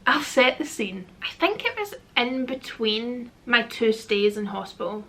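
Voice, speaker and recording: A woman's voice: fairly high pitch, expressive, unhurried, fairly bright tone. Chatty Scottish woman in her twenties. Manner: chatty, rambling, self-deprecating, laughs often. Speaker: vlogger. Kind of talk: casual Q&A chat to camera.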